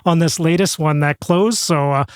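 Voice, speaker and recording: A man's voice: fairly high pitch, clean tone, no echo. Upbeat male podcast host, dry sound. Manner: upbeat, halting, prompts the guest. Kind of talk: casual interview chat.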